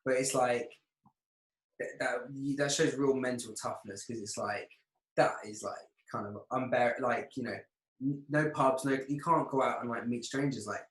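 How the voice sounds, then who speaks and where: A man's voice: mid-range voice, moderate pace. A young man chatting casually, telling stories and acting out friends' lines with lots of swearing. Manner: animated storyteller, quotes friends in lively voices, swears. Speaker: podcast guest. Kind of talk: casual chat. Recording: echoey room.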